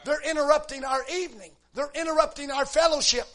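A man preaching a sermon, moving between relaxed storytelling and shouted, drawn-out exhortation, dropping in frequent amens. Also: very high-pitched.

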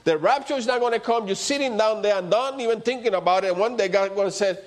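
A high-pitched male pastor preaching to his congregation. He fires rhetorical questions and answers them himself. He moves from loud, emphatic phrases to low, almost hushed lines. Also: quick pace. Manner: rhetorical questions with call-and-response; swings between loud emphatic and low quiet delivery. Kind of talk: sermon.

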